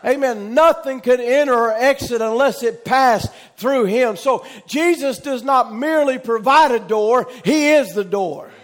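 A middle-aged Southern US pastor preaches an emphatic, repetitive sermon, calling out amen and building to shouts. His pitch is extremely high, and he delivers it unhurriedly with few pauses.

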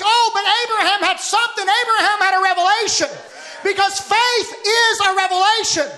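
A man preaching a sermon with fervent, rhythmic repetition that builds to shouts. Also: extremely high pitch, fairly even intonation, normal speed.

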